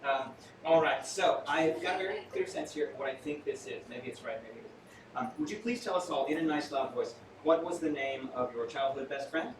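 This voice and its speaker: This is a live mentalism act for a small audience, performed by a man whose mid-range voice runs a little fast. He keeps the patter theatrical and playful, tossing jokes to the crowd, with the recording echoey, distant from the mic, and full of audience noise.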